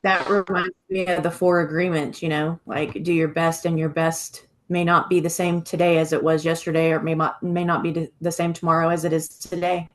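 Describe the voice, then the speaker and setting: A woman in a book club making a point with a steady, even delivery. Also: low voice, brisk, few pauses. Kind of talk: casual group discussion.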